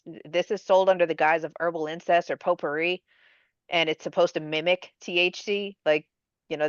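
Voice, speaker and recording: Low-voiced woman, smooth and dry. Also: no room sound, highs cut off. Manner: explaining, reading details aloud. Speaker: podcast co-host. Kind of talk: casual conversation.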